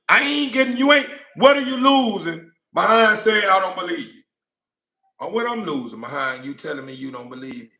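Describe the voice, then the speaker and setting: A man's voice: high voice, bright, forceful tone. A man delivering a blunt, profane, impassioned monologue about God, acting out God and doubters in turn. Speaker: informal preacher. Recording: roomy echo.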